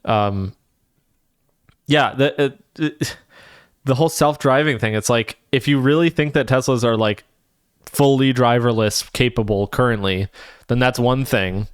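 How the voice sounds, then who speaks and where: Smooth-voiced man ranting on stream. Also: mid-range voice, measured pace, no echo, clean studio sound. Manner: animated, profane, laughing, rambling tangents. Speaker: streamer reacting to a debate. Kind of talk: casual live-stream commentary.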